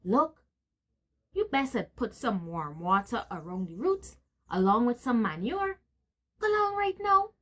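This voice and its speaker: A woman voicing a blustering, indignant village bad man in a storybook reading, loud and huffy, repeating himself three times over. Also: very high-pitched, sing-song, unhurried, voice pushed up, full character voice. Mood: fussy.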